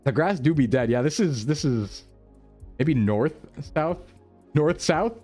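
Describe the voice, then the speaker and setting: A man's voice: fairly high pitch, expressive, measured pace, mellow. A young man streaming a geography game, chatting casually with his viewers, joking and laughing often. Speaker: VTuber streamer. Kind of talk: casual livestream chat while playing. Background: faint background music.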